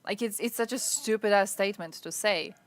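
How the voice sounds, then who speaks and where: A woman's voice: medium pitch, fairly quick. A woman streaming live, ranting bluntly and swearing as she reacts to chat comments.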